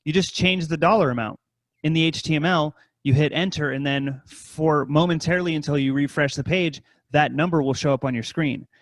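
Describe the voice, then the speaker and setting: A man co-hosts a podcast in loose, rambling chat that is thick with swearing. His voice sits a little high for a man. The sound is dry and close, with no room echo. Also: brisk. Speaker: podcast co-host. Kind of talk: casual profane chat.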